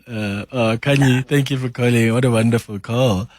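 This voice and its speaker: A man's voice: mid-range voice, fairly even intonation, moderate pace, no room sound. A South African man hosting a radio talk show, encouraging his guest and taking calls in the studio. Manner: warm, encouraging, affirming interjections. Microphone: studio mic.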